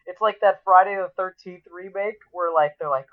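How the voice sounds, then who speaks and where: A man with a slightly raised pitch chats on a podcast and drops movie references in quick asides. His audio is dull and lo-fi. He talks in loose, riffing bursts. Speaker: podcast co-host. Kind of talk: casual podcast chat.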